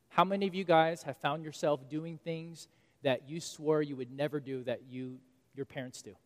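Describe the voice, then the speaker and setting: A man in his thirties preaching a sermon as pastor, animated and swinging between loud and quiet for emphasis. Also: a little high, moderate pace. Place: church sanctuary. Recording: long reverb of a church hall.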